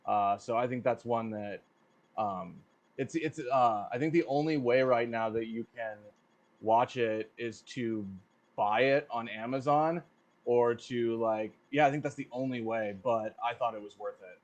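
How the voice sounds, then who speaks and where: A man on a panel recommending a film in casual chat, halting with many ums. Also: medium pitch. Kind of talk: casual movie review chat.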